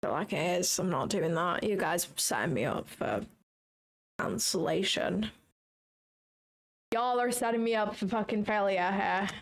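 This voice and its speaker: A woman's voice: medium pitch, moderate pace, pauses often. A woman live-streaming her trading, talking casually and exclaiming often, with the odd swear word. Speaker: trading livestreamer. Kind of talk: casual livestream commentary.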